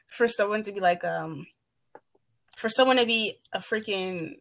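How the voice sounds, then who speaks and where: A woman's voice: medium pitch, moderate pace, a bit bright. A teenage girl in casual chat, telling a story in a playful way, laughing between lines.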